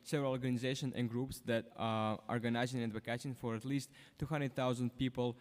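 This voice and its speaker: A man's voice: mid-range voice, flat delivery. Guy reading testimony, lots of uhs, echoey hearing room. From former Soviet country. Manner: halting, frequent uh fillers, non-native grammar. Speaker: public testimony speaker, civic activist. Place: large city hall hearing room. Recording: reverberant hall.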